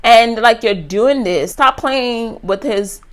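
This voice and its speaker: A woman's voice: fairly high pitch, slow, fairly bright tone. A young woman reviewing a reality show in a casual, chatty recap full of slang. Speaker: YouTube reviewer.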